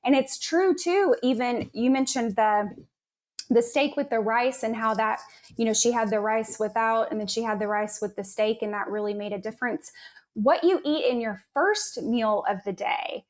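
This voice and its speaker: A woman who is a naturopath, a guest on an interview, explaining health points in a steady, informative way. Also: a little high, normal speed.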